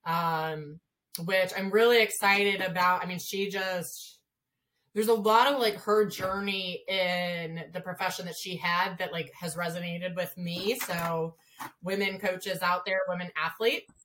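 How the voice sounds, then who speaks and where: A woman's voice: fairly low pitch, a little slow, slight background noise. Chatty woman swim coach telling stories. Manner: chatty, frequent "like" fillers, lively retelling. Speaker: swimming and diving coach. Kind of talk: casual interview storytelling.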